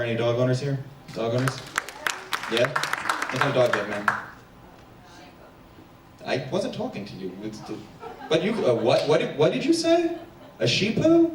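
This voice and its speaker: Male stand-up comic from New Jersey, animated crowd work, roomy distant theater recording with audience noise. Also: mid-range voice. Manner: quick crowd work, animated voices for pets. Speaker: stand-up comedian. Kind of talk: stand-up comedy set. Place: theater stage before a packed house. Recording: echoey stage sound from far off, audience noise.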